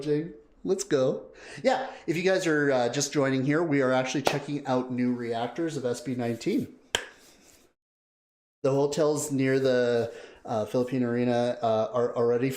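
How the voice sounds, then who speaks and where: A man hosting a live stream, chatting casually and excitedly. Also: mid-range voice, a little hiss or hum. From Canada. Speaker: live-stream reaction host. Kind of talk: casual live-stream chat, greeting viewers. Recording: roomy echo.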